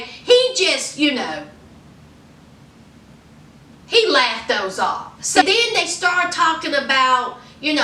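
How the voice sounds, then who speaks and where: A woman's voice: high voice, far from the mic. A woman giving a sassy, laughing recap of a reality show in casual commentary. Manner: sassy, laughing, animated storytelling. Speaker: reality TV reviewer. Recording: echoey room, voice off-mic.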